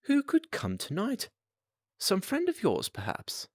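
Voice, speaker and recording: A narrator jumps up into a surprised, questioning companion, far higher than his usual voice. The tone is mild and curious. The sound is dry and close. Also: wildly swooping pitch, measured pace, no room sound, full character voice.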